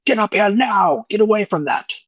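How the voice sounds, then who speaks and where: A man's voice: sits high, expressive, moderate pace, husky, no room sound, lo-fi sound, pitched above the performer's own voice. A man voicing a bugbear gang member who barks urgent orders. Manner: shouting urgent commands.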